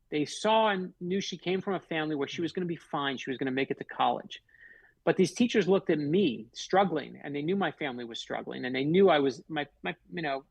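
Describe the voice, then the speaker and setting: A man's voice: on the high side, creaky, slightly rough, dry recording, muffled recording. A man, a guest author, telling personal stories in a radio interview and acting out the dialogue in them. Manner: animated storyteller, acts out quoted dialogue.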